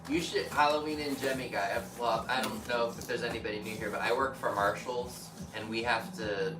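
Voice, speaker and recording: A man's voice: mid-range voice, steady tone, normal speed, background noise. Easygoing man, off-mic in an echoey room. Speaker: co-host. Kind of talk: casual chat. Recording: echoey room, a bit far from the mic, music behind.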